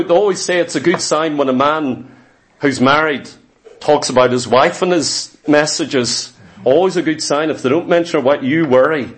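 A middle-aged man preaching a sermon in church, telling stories with emphatic repetition. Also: a little high. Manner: storytelling, emphatic, repeats phrases.

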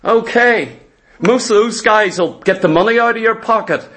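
Pastor guy preaching, really high voice, punchy, keeps firing questions at the crowd. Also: moderate pace, fairly bright tone. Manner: emphatic, conversational preaching with rhetorical questions. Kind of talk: sermon.

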